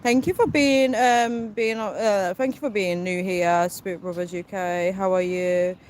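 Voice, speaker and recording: Young British woman, casual live street vlog on a phone, mid-pitched, traffic noise clearly behind. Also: steady tone, measured pace, darkish tone, rough recording. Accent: British English. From United Kingdom. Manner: breathless retelling with many quoted asides. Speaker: livestream vlogger. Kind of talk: casual livestream storytelling. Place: outdoors on a city street at night. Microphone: phone held while walking. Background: passing traffic.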